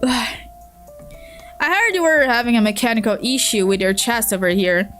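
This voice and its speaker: A woman with a Brazilian Portuguese accent voicing an overly polite, formal male gentleman who talks at length, reading from a webcomic. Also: on the high side, normal speed, faint music behind, natural voice. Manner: prim, courteous, long-winded.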